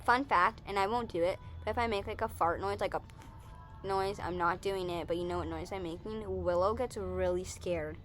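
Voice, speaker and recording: A woman's voice: on the low side, moderate pace, fairly bright tone, faint music behind. A young woman casually chatting in a Q&A vlog, rambling and self-correcting as she talks. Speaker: vlogger.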